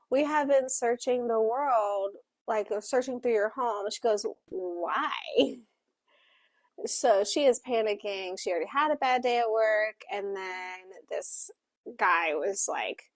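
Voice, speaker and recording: Book club co-host, woman; slightly high voice, unhurried, lots of "like" and "um", dry close sound. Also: no echo. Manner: animated retelling with acted-out quotes, frequent fillers. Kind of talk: casual book club plot summary.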